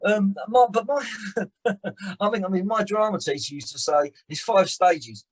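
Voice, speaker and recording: A man, an actor and director telling stories in a rambling, animated way as a podcast guest. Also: high voice, normal speed, poor audio. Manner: animated storyteller, rambling restarts. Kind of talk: casual chat.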